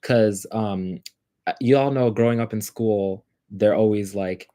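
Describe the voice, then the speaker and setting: A man's voice: lowish voice, steady tone, measured pace, mellow. A man hosting a casual livestream, rambling and chatty, with lots of fillers. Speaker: livestream host.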